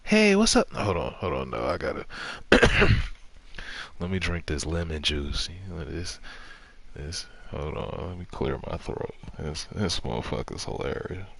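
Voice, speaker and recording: A man's voice: extremely low pitch, a little slow, creaky, fairly bright tone, slight background noise. A man streaming a game, telling rambling stories in casual, profane chat.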